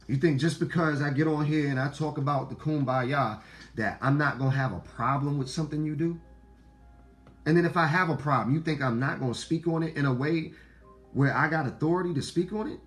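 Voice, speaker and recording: Deep-voiced and speaking in a Black way of talking, an online talk host delivers a casual, preachy monologue to viewers, a little fast over soft background music. He repeats lines for emphasis, swears freely, and swings between loud outbursts and low murmurs.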